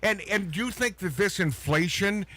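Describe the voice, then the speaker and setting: A man's voice: high voice, animated, normal speed, pushed and bright, no room sound. A man hosting a talk radio show, ranting bluntly and swearing freely about the news. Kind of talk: opinionated talk radio chat.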